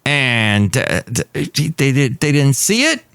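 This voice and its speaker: A man's voice: medium pitch, sing-song, slow, vocal fry, fairly bright tone, clean tone, no room sound. A man hosting a solo podcast in casual chat, rambling with jokey asides. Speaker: podcast host. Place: outdoors at a cafe.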